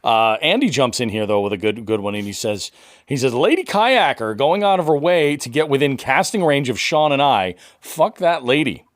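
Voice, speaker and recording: A man's voice: mid-range voice, lively intonation, normal speed, no room sound. Male podcast host, casual, loose and filler-heavy, dry close mic. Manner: laid-back, filler-heavy, swears casually. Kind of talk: casual chat.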